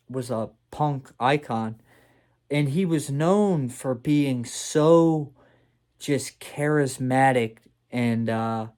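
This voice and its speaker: A young man chats to camera from a room at home, his story wandering with fillers and false starts. He turns self-deprecating now and then, and his voice sits at an ordinary middle pitch. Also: a little mellow. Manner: rambling, self-deprecating, with many fillers and restarts. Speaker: vlogger.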